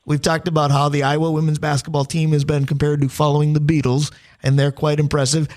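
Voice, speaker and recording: A man's voice: on the high side, little pitch movement, fast, darkish tone. A man hosting a sports radio show, chatting casually and reading sponsor details in an upbeat way.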